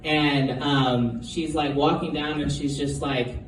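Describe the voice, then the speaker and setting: A man's voice: fairly high pitch, steady tone, takes it slowly. A man doing his first stand-up set, telling a long joke with hesitant ums and rambling asides. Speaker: amateur stand-up comedian. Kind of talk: first-time stand-up storytelling. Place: live comedy show venue. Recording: echoey room from far off, noisy.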